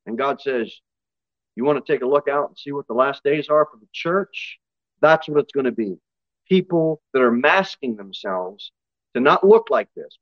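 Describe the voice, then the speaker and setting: A male pastor preaching a sermon, his voice jumping high and loud for emphasis before dropping back low. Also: animated, normal speed, no room sound, lo-fi sound. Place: church.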